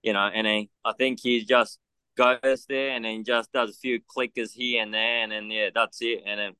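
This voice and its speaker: A man's voice: lowish voice, level tone, moderate pace, sharp tone, clear, resonant tone, dry recording. A middle-aged Japanese man with an Australian accent, chatting loosely in an interview and filling gaps with lots of "you know". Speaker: motocross test rider. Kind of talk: casual interview chat.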